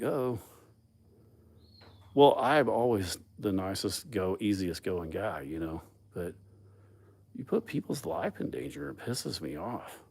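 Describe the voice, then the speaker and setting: A man, hosting a casual live chat and telling rambling, profane stories with frequent laughter. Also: medium pitch. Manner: profane, laid-back, laughs often. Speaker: livestream host.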